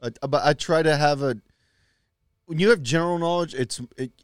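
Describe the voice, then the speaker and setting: A man's voice: a little high, clear, resonant tone, no room sound, studio quality. A man co-hosting a casual podcast, swearing and often restarting his sentences. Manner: profane, halting with frequent restarts. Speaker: podcast co-host.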